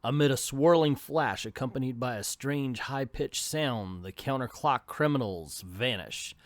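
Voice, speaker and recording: A man's voice: medium pitch, unhurried, hardly any pauses, dry recording. A man giving a casual, sarcastic spoken review of a comic book, with wry running commentary.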